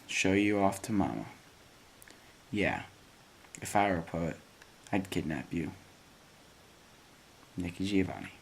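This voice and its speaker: Male reader, low voice, very unhurried poem recitation, faint hiss. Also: big pitch swings, creaky. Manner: measured and deliberate. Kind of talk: slow poetry reading.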